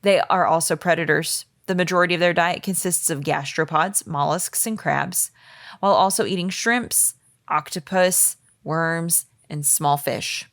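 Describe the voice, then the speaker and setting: A woman with a lowish, slightly bright voice reads a fan theory aloud a little slowly as a podcast co-host. The studio sound is clean with no echo. Her casual delivery is playful and giggly, and she tries out silly accents.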